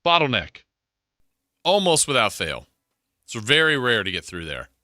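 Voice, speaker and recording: A man's voice: medium pitch, sing-song, moderate pace, bright, forceful tone, no echo. A man hosting a sports radio show, chatting casually and rambling as he thinks aloud into a studio microphone.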